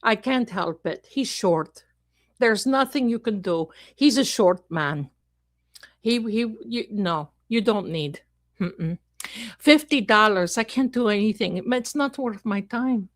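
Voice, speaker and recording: A woman's voice: medium pitch, takes it slowly, no room sound, lightly acted. A woman voicing a greedy woman fortune teller who runs a scam, with wheedling sales patter and broken grammar. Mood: haggling. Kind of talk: comic improvised role-play.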